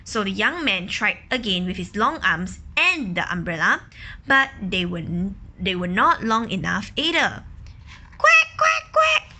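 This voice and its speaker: A woman reading a children's picture book aloud, pausing to ask questions, explain words and imitate quacking ducks. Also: medium pitch, very animated, sharp tone, a little hiss or hum. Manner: imitates quacking and gasps for effect. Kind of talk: children's story read-aloud.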